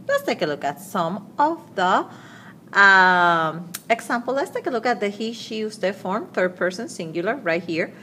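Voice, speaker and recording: A woman teaching grammar, slowly reading out verb forms and translating examples. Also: medium pitch, sing-song, pushed and bright, a little hiss or hum. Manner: slow, deliberate, repeating conjugations aloud. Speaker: Spanish teacher. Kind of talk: slide-based grammar lesson.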